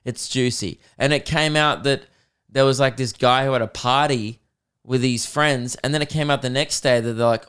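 A man's voice: medium pitch, normal speed, a bit bright, smooth. A man in his twenties with an Australian accent, hosting a podcast in a laid-back, self-mocking storytelling way. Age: 20s. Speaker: podcast host. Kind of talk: casual chat.

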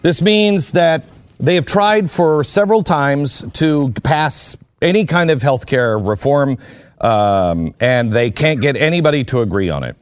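A man's voice: mid-range voice, sing-song, unhurried, dry recording. A man hosting a talk radio show, delivering an impassioned, emphatic opinion monologue.

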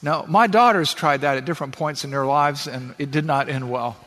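A man's voice: fairly high pitch, moderate pace. Middle-aged man preaching in a reverberant hall. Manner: animated preaching, rhetorical questions. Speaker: pastor. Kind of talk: sermon.

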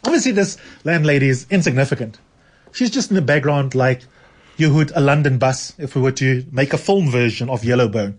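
A man hosting a radio book show. He chats with callers and reads passages aloud in a relaxed way, often restarting his sentences. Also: medium pitch, brisk. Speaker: radio host. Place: radio studio.

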